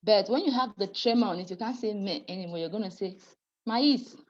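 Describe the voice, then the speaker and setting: A woman's voice: mid-range voice, fast, highs cut off. A woman teaching French pronunciation in an online class, patient and apologetic, often laughing and calling students dear.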